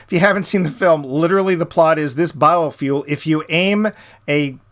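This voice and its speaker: A man's voice: on the high side, normal speed. Joking man hosting a podcast. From United States. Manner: chatty, joking, laughs often. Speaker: podcast host. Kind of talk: casual chat.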